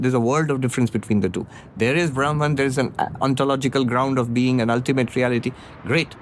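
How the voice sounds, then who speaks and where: A man giving a philosophy lecture, explaining ideas step by step with frequent pauses and fillers. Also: medium pitch. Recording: lecture under vehicle noise.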